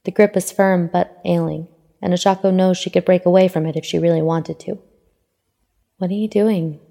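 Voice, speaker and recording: A woman narrating fan fiction aloud in a steady, even storytelling manner. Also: fairly low pitch, brisk, vocal fry. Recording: long hall reverb.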